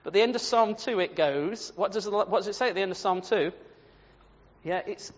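A man preaching a sermon on the Psalms, lively and animated, acting out quoted voices and laughing at his own points. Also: high-pitched, fairly quick. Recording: dull lo-fi sound with long hall reverb.

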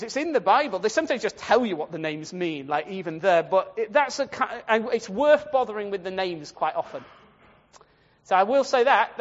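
A man with a high voice gives an informal Bible lesson in a loose, rambling way, often checking in with his listeners. The sound is dull and muffled, with a long echo trailing off the walls. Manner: chatty, rambling, addresses listeners directly. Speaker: Bible teacher. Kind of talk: informal Bible study talk.

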